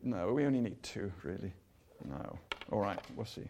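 A man's voice: fairly low pitch, lively intonation, moderate pace, warm tone, dull audio, a little hiss or hum. An older man giving a chatty sermon, acting out the people in the stories. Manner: chatty, acts out quotes in voices. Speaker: preacher.

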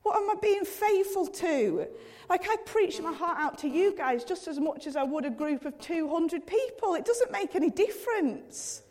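A woman's voice: very high-pitched, animated, normal speed, hardly any pauses, darkish tone. A woman in her thirties preaching a sermon in an earnest, conversational way, often addressing God directly and using casual fillers. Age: 30s.

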